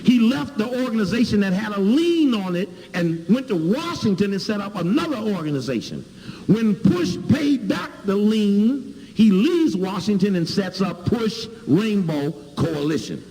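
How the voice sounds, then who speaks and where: A man's voice: high-pitched, very animated, unhurried, mellow. A man from Chicago giving an emphatic lecture with video clips, spelling out and repeating key words. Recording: hall reverb, faint ambience.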